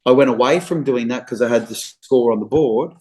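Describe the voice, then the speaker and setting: Man, Australian accent, middle-aged, chatty storyteller, real estate agent, relaxed podcast talk, mid pitch. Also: fairly quick, slight background noise, poor audio. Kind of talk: casual podcast interview.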